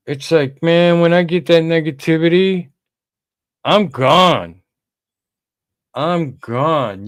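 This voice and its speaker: A man's voice: a little high, takes it slowly, long pauses, dry recording. A man co-hosting a podcast in casual talk, emphatic and repeating his key lines. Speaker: podcast co-host.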